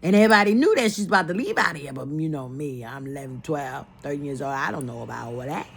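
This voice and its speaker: A woman's voice: sits low, animated, fast, creaky, a little hiss or hum. A woman telling a personal family memory in an earnest way, often repeating herself as she recalls it. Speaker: storyteller.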